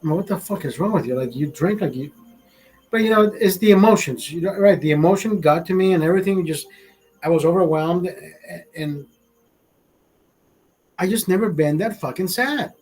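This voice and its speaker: Husky-voiced man rambling emotionally. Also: high-pitched, moderate pace, darkish tone, soft background music. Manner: rambling, heavy swearing, self-talk. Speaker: streamer. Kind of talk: emotional livestream monologue.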